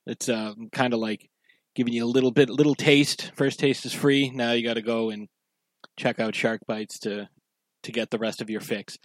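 A man co-hosting a casual podcast, talking in a relaxed way with many fillers. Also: medium pitch, normal speed, no echo. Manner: relaxed, filler-heavy with frequent "uh". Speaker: podcast co-host.

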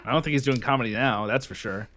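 Male co-host, mid-pitched, easygoing chuckling delivery. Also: fast talker, noisy background. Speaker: podcast co-host. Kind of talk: casual chat.

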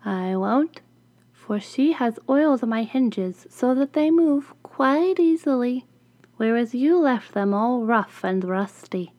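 A woman voicing a talking door that calmly refuses an order, in a slow storybook reading. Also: fairly high pitch, dry recording, muffled recording. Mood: calm refusal. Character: talking door with once-rusty hinges, plain and stubborn.

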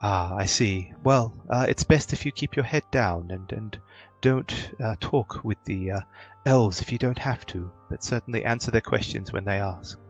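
A man voicing an old motherly halfling woman servant, kindly and resigned, with a creaky voice. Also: on the low side, moderate pace, dull audio, faint music behind.

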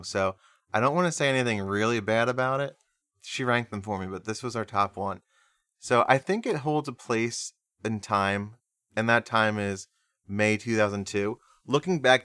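A man's voice: on the low side, a bit bright, smooth, dry recording, clean studio sound. A man co-hosting a music podcast, chatting casually with a nasal voice, rambling and laughing easily. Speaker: podcast co-host.

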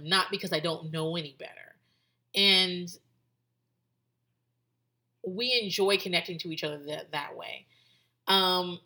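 Woman, podcast host, casual commentary, lower voice, tense bright tone, rambling with lots of "like". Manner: chatty, full of "like" and restarts, swears freely.

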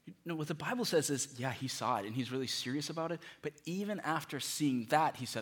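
A man preaching a sermon as pastor, pleading with his listeners and dropping from loud bursts to hushed tones. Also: fairly high pitch, expressive, quick pace, slightly rough.

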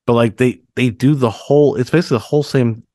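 A man co-hosting a podcast in a casual chat, talking in a relaxed, rambling way. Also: medium pitch, fast talker, no room sound, studio quality. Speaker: podcast co-host.

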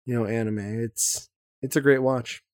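A man's voice: medium pitch, fairly even intonation, moderate pace, no echo, studio quality. A man hosting a casual podcast chat, talking enthusiastically and rambling with lots of fillers. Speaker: podcast host.

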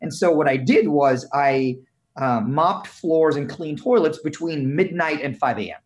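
Earnest man from India, slightly higher pitch. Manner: earnest, halting restarts. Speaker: guest. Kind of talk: reflective storytelling in an interview.

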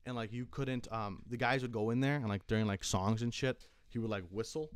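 A man's voice: mid-range voice, fairly quick, smooth, no room sound. A young man telling stories in casual chat, rambling, swearing a lot and filling his talk with fillers. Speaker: storyteller.

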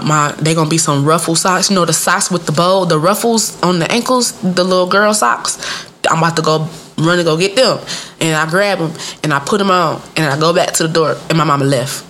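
A woman in her thirties telling a comic story about her childhood, profane and playful, jumping into high squeaky voices for the people in it and laughing at her own jokes. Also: a little hiss or hum. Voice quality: animated, acts out voices in high squeaky pitch. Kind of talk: storytelling stand-up routine.

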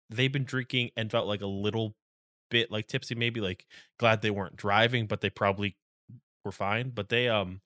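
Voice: mid-range voice, fairly bright tone, dry recording. A podcast co-host chatting casually, telling rambling stories and dropping dry wisecracks. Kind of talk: casual chat.

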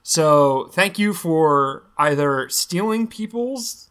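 A man's voice: a little high, lively intonation, unhurried, few pauses, a bit bright. A man co-hosting a casual podcast, talking with enthusiasm and swearing freely. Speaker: podcast co-host.

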